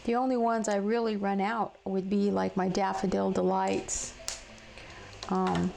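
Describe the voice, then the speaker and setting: A woman with a gravelly, fry-touched voice hosts a casual live crafting session from home. She chats along with many fillers and restarts and answers viewers while she colors. A faint hiss of noise sits under her voice. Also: mid-range voice, little pitch movement, unhurried, mellow, low-quality recording. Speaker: crafting livestream host.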